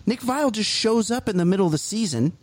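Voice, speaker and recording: A man co-hosting a comedy podcast, ranting animatedly and mimicking people in quick asides. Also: sits high, expressive, dry recording. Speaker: podcast co-host. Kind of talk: comedic casual chat.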